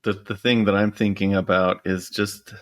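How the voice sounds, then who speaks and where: A man co-hosting a podcast, reflecting on a guest's story in a thoughtful, halting way. He often starts his sentences over. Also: on the low side, flat delivery. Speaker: podcast co-host. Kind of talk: reflective interview talk.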